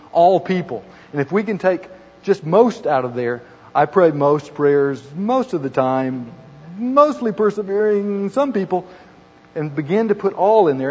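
A man's voice: fairly high pitch, a little mellow, breathy edge. A middle-aged man preaching a sermon, earnest and building to emphatic, repeated phrases. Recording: muffled hall recording with long reverb.

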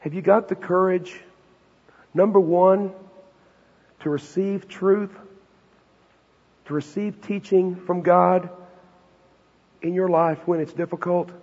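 High-voiced husky preacher man. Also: steady tone, takes it slowly, long pauses, a little mellow. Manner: emphatic, conversational preaching with rhetorical questions. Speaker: pastor. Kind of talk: sermon. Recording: dull, reverberant hall recording.

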